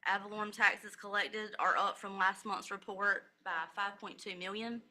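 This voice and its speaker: A woman with a bright, clear voice reads through a county financial report at a commissioners' meeting. She walks through percentages and dollar amounts in a steady, methodical way and corrects herself briefly when she misspeaks. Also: mid-range voice, normal speed.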